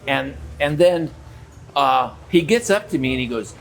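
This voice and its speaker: Gravelly older man telling stories. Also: mid-range voice, a little slow, a little hiss or hum. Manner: animated storyteller acting out dialogue. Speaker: theme park character performer. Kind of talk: casual interview storytelling.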